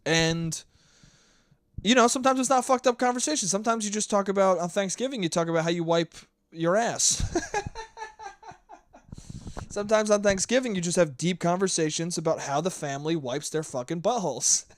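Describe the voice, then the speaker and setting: In a dry, close recording with sirens outside, a young man with a high voice speaks at normal speed. He's hosting a casual solo podcast hungover, rambling, swearing, earnest, and laughing along the way.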